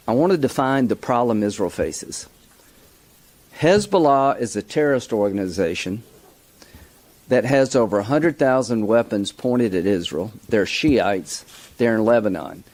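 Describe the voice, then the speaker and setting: A man delivering a forceful political speech, building from measured points to emphatic outrage. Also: medium pitch. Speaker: lawmaker giving a speech.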